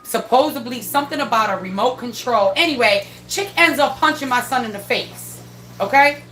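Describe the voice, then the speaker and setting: A woman casually telling a story about her son, animated and swearing freely as she acts out what people said. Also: a little high, normal speed. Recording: echoey room with faint noise.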